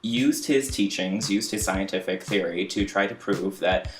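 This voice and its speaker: A man co-hosting a podcast in casual chat, animated and joking, often breaking into laughter. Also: low voice, a little hiss or hum. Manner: animated, jokey, quick to laugh. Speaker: podcast co-host. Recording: echoey room with faint music.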